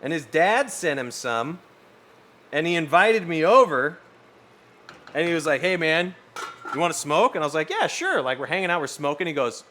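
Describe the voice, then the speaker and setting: Speaking a little fast in a slightly high voice, with faint background noise, a US West Coast man chats with his live-stream audience. He reads chat, swears freely, and tells animated, wandering stories.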